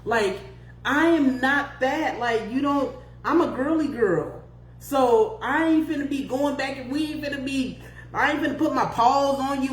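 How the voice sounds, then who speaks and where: Profane, animated woman telling a dating story. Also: sits high. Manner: profane, animated, acts out both sides of the story. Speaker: podcast host. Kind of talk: casual storytelling to listeners. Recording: echoey room with faint hum.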